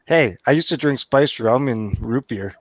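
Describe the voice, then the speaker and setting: A man in his forties trades anecdotes in a casual movie chat. His pitch is lively and animated. The sound is dry and close. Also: moderate pace, no room sound. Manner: chatty storyteller, tells anecdotes.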